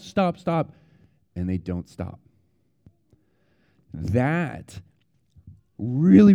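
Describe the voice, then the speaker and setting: Male pastor, children's sermon, animated storyteller, very mellow dark tone. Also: mid-range voice, dull audio. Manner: animated storyteller, repeats words, yells out quoted warnings.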